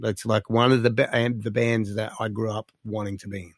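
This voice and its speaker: A man, a musician guest telling stories in a casual interview, animated and full of fillers. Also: mid-range voice, a little fast, few pauses, no room sound, clean studio sound. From Australia. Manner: animated storyteller, lots of fillers, excitable.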